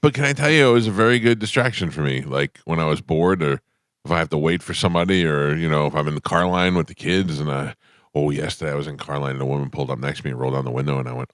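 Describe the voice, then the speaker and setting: A man's voice: a bass voice, rapid-fire, fairly bright tone, no echo, studio quality. A middle-aged man hosting a radio show, rambling through stories in casual banter with his co-hosts. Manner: rambling storyteller, laughs easily. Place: radio studio. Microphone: studio microphone.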